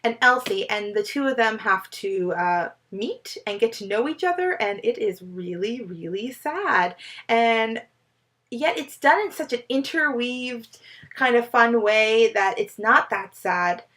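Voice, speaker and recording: A woman's voice: a little high, animated, measured pace, a bit bright. Chatty woman recommending books. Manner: chatty, enthusiastic, stumbles over names. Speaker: book vlogger. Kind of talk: casual book recommendations.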